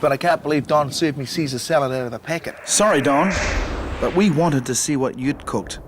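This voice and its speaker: A man's voice: on the high side, brisk, background noise. A man, a chef host tasting and scoring dishes with an upbeat, jokey manner. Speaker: chef judge and show host. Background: music.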